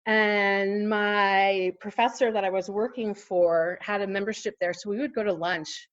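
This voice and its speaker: A woman's voice: medium pitch, fairly even intonation, a little slow, lo-fi sound. A woman in her forties, a podcast guest, telling a personal story in casual interview chat with lots of fillers and laughter. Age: 40s.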